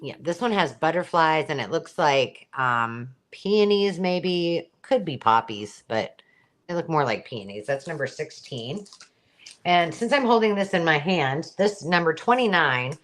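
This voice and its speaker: Slow-talking low-voiced woman selling crafts. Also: animated, fairly bright tone. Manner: chatty, describing items while handling them. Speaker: live sale host. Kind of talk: live selling chat.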